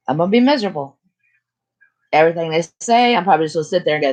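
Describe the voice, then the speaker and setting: A woman's voice: on the low side, rapid-fire, a little mellow. An older woman hosting a casual chat, talking bluntly and emphatically. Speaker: channel host.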